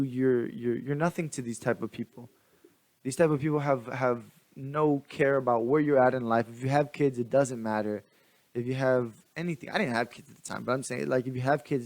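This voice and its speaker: Young guy ranting on his vlog, rambly and worked up, keeps restarting. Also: medium pitch. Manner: rambling, animated, restarts often. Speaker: vlogger. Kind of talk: casual venting monologue.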